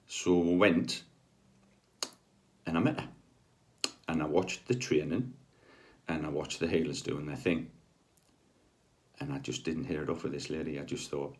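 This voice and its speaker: Deep-voiced man telling stories. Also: moderate pace, pauses often, a little mellow. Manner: chatty, rambling, with many ums and asides. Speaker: spiritual healer. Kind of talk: casual anecdotal storytelling.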